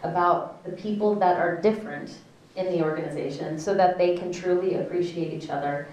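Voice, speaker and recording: Lower-voiced woman moderator, echoey and distant. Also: a little fast, darkish tone. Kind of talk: asking panel questions. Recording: echoey room, distant mic, faint ambience.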